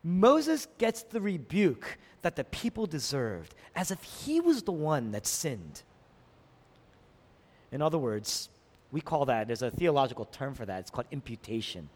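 A male pastor delivers a sermon in a long-reverb hall. His voice sits a bit high and swings widely, pressing rhetorical questions and climbing to emphatic peaks before dropping low. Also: very animated, unhurried, darkish tone.

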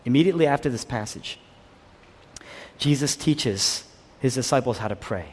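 A male pastor preaching a sermon, repeating phrases for emphasis and dropping to a hushed near-whisper at times. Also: medium pitch, expressive, moderate pace, long pauses. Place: church hall. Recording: long reverb of a large hall.

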